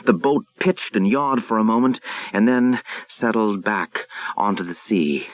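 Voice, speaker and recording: A man narrating an audiobook in a measured, dramatic storytelling manner, recorded close to the mic. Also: on the low side, animated, no room sound, rough recording.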